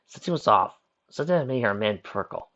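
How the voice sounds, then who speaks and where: A man narrating a story aloud in a plain reading voice, stumbling over a word now and then. His pitch moves around quite a bit. The recording is dull and lo-fi. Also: quick pace. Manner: plain, even narration with slips and restarts. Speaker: reader. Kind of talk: storybook reading of fan fiction.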